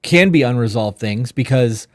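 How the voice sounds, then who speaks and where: A man's voice: mid-range voice, lively intonation, moderate pace, no room sound, studio quality. A man co-hosting a live podcast, talking frankly and swearing casually as he reads out viewer questions. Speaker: podcast co-host.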